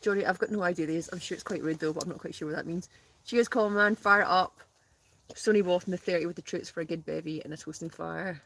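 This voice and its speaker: A woman's voice: fairly low pitch, fast talker, gravelly, fairly bright tone. A woman chatting casually in a smoky tent on a live stream, reading out comments and laughing often. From Scotland. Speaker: guest, host's sister.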